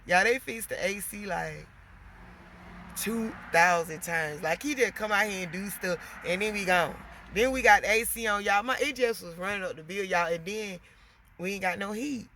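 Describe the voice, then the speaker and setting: Woman vlogger, gravelly and sharp-toned, chatty venting with plenty of cussing. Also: medium pitch, normal speed, a little hiss or hum. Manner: chatty, swears freely, keeps addressing viewers as y'all. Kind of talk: casual venting to viewers.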